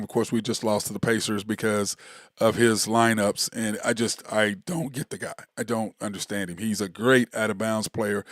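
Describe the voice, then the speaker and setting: Rambling sarcastic sports talk host. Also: male voice, fairly low pitch, no room sound, clean studio sound. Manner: rambling, sarcastic, with many fillers and restarts. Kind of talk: solo sports talk monologue.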